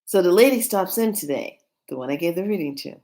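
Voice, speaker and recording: A woman who reads tarot cards, chatting casually to the camera and retelling what happened with a client in an animated way. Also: on the low side, brisk. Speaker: tarot card reader.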